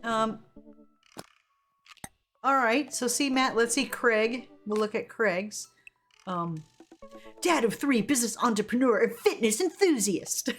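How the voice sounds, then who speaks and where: A woman's voice: a little high, expressive, slow, pauses often, soft background music. A woman streamer giving casual commentary on a game, laughing often and reading chat aloud.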